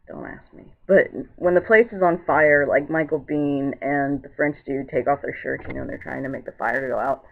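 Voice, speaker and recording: A woman's voice: sits low, gravelly. A woman giving a casual vlog movie review in a rambling, filler-heavy way, sounding exasperated. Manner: exasperated and indignant. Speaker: film reviewer. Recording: tinny, phone-like lo-fi sound.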